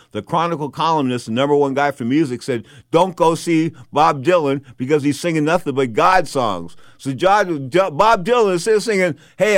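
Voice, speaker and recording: An older man telling long, looping stories in a casual monologue. He circles back and repeats phrases as he goes. His voice sits at a middling pitch, and the recording sounds dry and close. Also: dry recording. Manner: rambling, repeats himself, storytelling. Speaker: former boxer and commentator.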